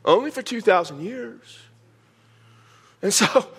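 A man's voice: high-pitched, lively intonation, takes it slowly, pauses often, fairly bright tone, husky. An older man preaching a sermon, teaching verse by verse with joking asides to his congregation. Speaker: pastor.

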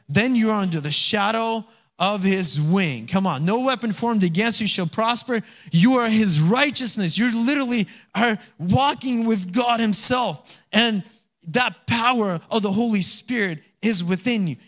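High-voiced pastor preaching conversationally. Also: male voice. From Alaska. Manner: conversational preaching, acts out little voices and laughs; rising to loud exhortation. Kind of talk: sermon.

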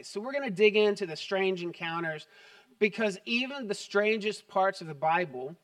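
A man's voice: high-pitched, expressive, moderate pace, fairly bright tone, recorded from a distance. A man preaching a sermon to his church, upbeat and conversational, mixing jokes with scripture. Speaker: pastor. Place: church sanctuary.

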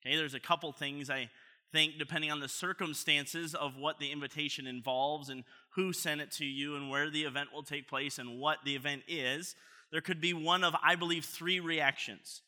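A man's voice: fairly high pitch, fairly even intonation, normal speed, bright, forceful tone. A man preaching a sermon as pastor, in a conversational, playful way, asking his congregation questions at a church service.

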